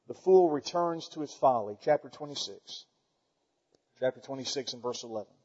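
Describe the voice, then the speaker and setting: A man preaching a folksy, animated sermon to his church, swinging between loud declarations and quiet asides. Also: mid-range voice, moderate pace, breathy edge. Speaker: pastor. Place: church sanctuary. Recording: dull sound with long hall reverb.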